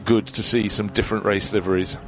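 A man's voice: fairly low pitch, level tone, a little fast, slight background noise. A man commentating on a motor race, explaining strategy in detail with a chatty manner.

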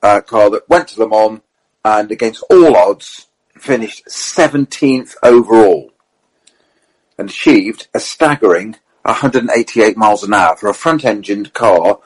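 A middle-aged man, a racing driver and co-host, telling lively anecdotes in casual chat and quoting others as he goes. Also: lowish voice, unhurried, breathy edge, poor audio. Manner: lively storyteller, quotes others, self-corrects.

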